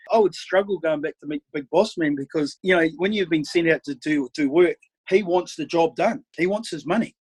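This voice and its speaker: Earnest New man, raised pitch. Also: brisk, breathy edge, rough recording. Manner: earnest storytelling with quoted dialogue, often dropping quiet. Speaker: podcast guest. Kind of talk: telling his life story.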